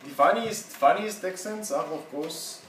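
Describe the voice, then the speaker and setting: A man teaching an English seminar in a chatty, laughing, halting way. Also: on the high side, a bit bright. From Russia. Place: classroom. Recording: roomy classroom, mic far off.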